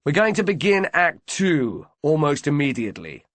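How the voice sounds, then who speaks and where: A man doing a brisk, commanding director. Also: a little high, very animated, dry recording, voice pushed up.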